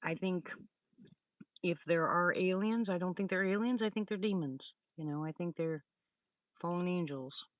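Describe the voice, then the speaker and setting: A woman's voice: fairly low pitch, moderate pace, dry recording. An older woman hosting a live stream, rambling through stories in casual chat with her viewers, laughing often. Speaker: livestream host.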